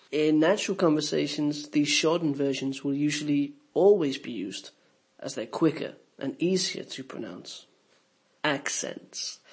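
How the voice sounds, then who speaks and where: A man narrating a scripted English lesson, explaining clearly and giving spoken examples. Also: a little high. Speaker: English teacher.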